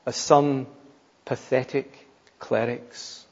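A man delivering an expository sermon in a measured, emphatic way, his phrases falling quiet at their close. His voice sits somewhat high and he speaks very slowly. The sound is dull and lo-fi, with a long reverb trailing through a large hall. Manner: slow, emphatic preaching, dropping soft at phrase ends. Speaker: preacher.

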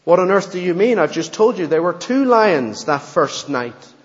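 A man's voice: sits high, big pitch swings, moderate pace, in a large hall, muffled recording, voice pushed up. A man voicing a frightened young boy while reading a story aloud in a sermon. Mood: bewildered. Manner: anxious, pleading.

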